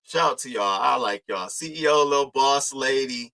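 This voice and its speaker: Young male commentary streamer, bright, tense tone, profane casual patter. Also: medium pitch, moderate pace, rough recording. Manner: loose, profane, slangy, shouts out chatters.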